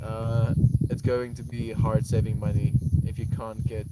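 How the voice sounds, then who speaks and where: A man chats casually on a livestream and playfully teases his pet. He sits outdoors on the grass, with loud crickets chirping all around. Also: on the low side, flat delivery, measured pace, recorded from a distance, heavy background noise. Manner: playful, teasing talk to a pet. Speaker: live streamer.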